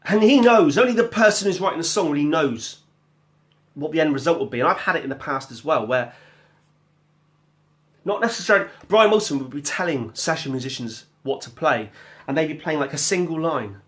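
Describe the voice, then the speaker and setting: A man with a slightly higher voice, talking casually at home about how he makes his music. He rambles in a loose, chatty way, drifts off topic for jokey asides and breaks into scat-singing. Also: animated, brisk. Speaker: musician vlogger. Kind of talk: casual spoken vlog. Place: home kitchen.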